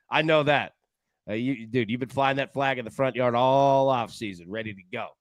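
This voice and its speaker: A man's voice: mid-range voice, moderate pace, dry recording. A man hosting a live sports betting show in casual chat, jokey and rambling, laughing often.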